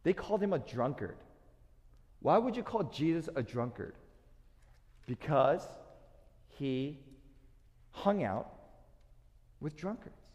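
A male pastor preaching a sermon in a church, telling the story in an animated way and asking the congregation rhetorical questions. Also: on the high side, slow pace, long pauses, big-room sound.

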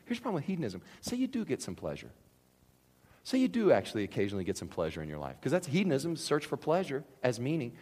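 A man preaching a sermon, animated and conversational, acting out the voices of imagined people. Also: a little high, fast, breathy edge, big-room sound. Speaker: pastor.

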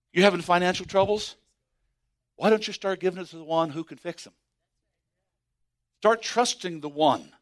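A man preaching a sermon as pastor, swinging from hushed asides to excited shouts. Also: high voice.

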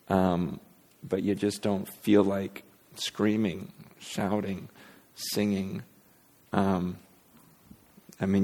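A man's voice: lowish voice, a little mellow, big-room sound. A man preaching a sermon to his congregation, talking candidly and rambling, with many restarts. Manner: candid, rambling, self-deprecating with frequent restarts. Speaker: pastor. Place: church sanctuary.

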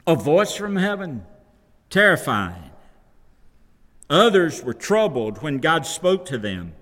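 Male pastor, sermon delivery, slow emphatic pacing, expressive pitch, recorded with long hall reverb. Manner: slow, emphatic preaching with scripture quotes. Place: church sanctuary.

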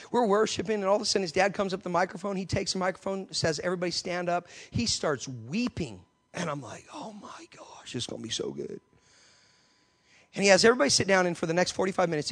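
A man preaching a sermon, telling an animated story and acting out the voices in it. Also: high voice.

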